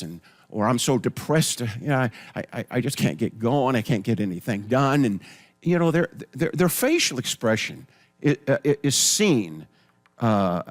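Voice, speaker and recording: A man teaching a class on biblical counseling in a conversational way, reading scripture verses aloud and often restarting his sentences. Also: a little high. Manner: explains with many restarts and repeated phrases.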